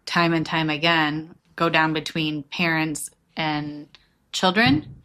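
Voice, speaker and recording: A woman's voice: fairly low pitch, bright, forceful tone. A woman co-hosting a podcast, chatting conversationally and building on her partner's points. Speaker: podcast co-host. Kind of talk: casual chat.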